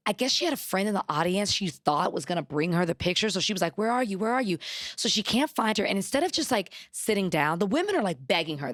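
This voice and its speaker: A woman in her thirties co-hosting a casual recap chat, telling stories in an animated way and acting out what other people said. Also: on the low side, dry recording, clean studio sound. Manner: animated storytelling with quoted voices. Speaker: podcast co-host.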